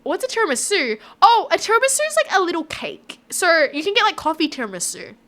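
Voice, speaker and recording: A woman's voice: very high-pitched, very animated, fast talker, a bit bright. A woman with an Australian accent chatting casually with her live-stream viewers, rambling and reacting to chat.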